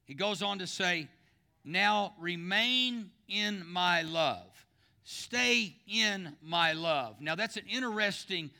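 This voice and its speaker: A man's voice: high voice, pushed and bright. A man pastor preaching a sermon, telling a joke story and repeating words as he builds to emphatic scripture reading.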